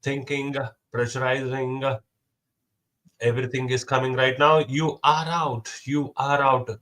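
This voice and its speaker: A man's voice: mid-range voice, little pitch movement, a bit bright. A young man calling bids in a casual mock auction, repeating prices and counting down before each sale. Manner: repetitive calls and countdowns, brisk.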